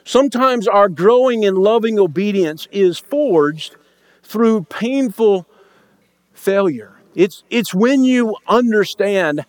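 A man's voice: high-pitched, animated, measured pace, hardly any pauses, dry recording. A man preaching a sermon as pastor, telling a story and acting out the lines of the people in it. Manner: storytelling, acts out quoted lines in raised voice.

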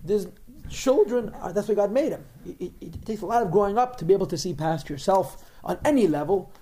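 A man's voice: high voice, expressive, a little fast, dark tone. A man teaching a religious text, explaining in a digressive way with frequent repeated words. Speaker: Torah teacher.

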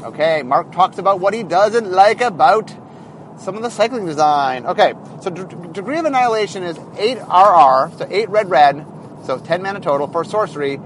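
A male game designer in a casual, animated monologue, thinking aloud as he explains design choices. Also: sits high, normal speed, slight background noise.

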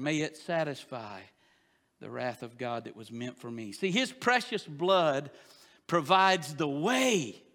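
A man preaching a sermon as pastor, animated and emphatic, dropping at times to soft confessional tones. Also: high-pitched. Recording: long hall reverb.

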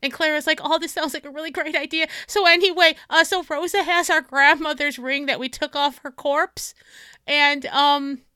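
A woman's voice: high voice, fairly even intonation, moderate pace, bright, forceful tone, no echo, studio quality. A woman playing her character in a tabletop game, stammering and rambling in a flustered way. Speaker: player voicing Zelda. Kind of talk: in-character tabletop role-play.

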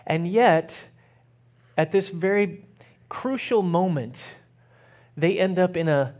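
A man preaching as pastor, chatty and relaxed with many fillers, slowing down to read scripture aloud. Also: sits high. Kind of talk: sermon.

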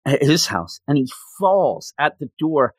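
A man's voice: on the high side, sing-song, takes it slowly, husky, dry recording, studio quality. A man chatting casually as a co-host, retelling a story with feeling and acting out the characters' lines. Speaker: podcast co-host recapping a game. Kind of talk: casual chat.

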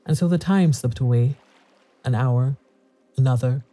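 A man narrating a classic horror story in a measured, steady storytelling manner. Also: mid-range voice.

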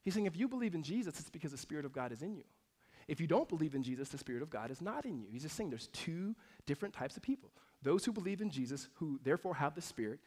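A man in his thirties, a pastor giving a sermon in a conversational way that moves between emphatic lines and hushed ones. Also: on the high side, very animated, fast.

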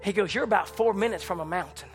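Male preacher, fiery sermon delivery, high bright voice, soft organ underneath. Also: fast. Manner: impassioned, rising to shouts and dropping low. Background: church organ chords.

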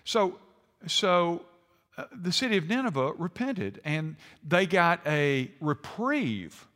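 A man's voice: high voice, very animated, slow, fairly bright tone. A man preaching a sermon in a folksy, conversational way, acting out quotes with rising intensity. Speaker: pastor. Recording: long hall reverb.

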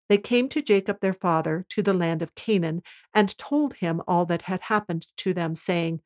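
A woman reading a scripture passage aloud in a solemn, measured way. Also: lowish voice. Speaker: scripture reader. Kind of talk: scripted narration.

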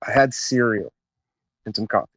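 A man's voice: on the low side, lively intonation, moderate pace, fairly bright tone, dry recording. A man from Tennessee telling rambling, laid-back stories as an interview guest, dropping "man" and "whatnot". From Chattanooga, Tennessee, USA. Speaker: podcast guest, naval officer. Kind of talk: casual interview storytelling.

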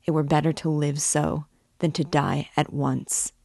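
A woman reading a classic novel aloud, measured, gently voicing the characters' dialogue. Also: deep voice, flat delivery, gravelly, no room sound, studio quality. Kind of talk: audiobook-style reading aloud.

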